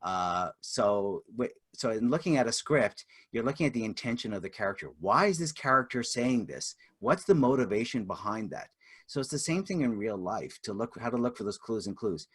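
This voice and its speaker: A man's voice: on the low side, expressive, moderate pace, fairly bright tone, breathy edge. A middle-aged man presenting a workplace communication webinar, chatty with lots of fillers, acting out example lines. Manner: chatty, many fillers, acts out example dialogue. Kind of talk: interactive webinar teaching.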